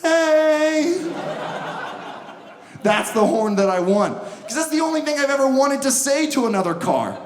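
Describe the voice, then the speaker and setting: A young man doing a stand-up comedy set on a club stage, sarcastic and animated, acting out bits in exaggerated voices. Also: very high-pitched, fairly quick, hardly any pauses. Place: comedy club stage before a laughing audience. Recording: roomy stage sound with audience noise.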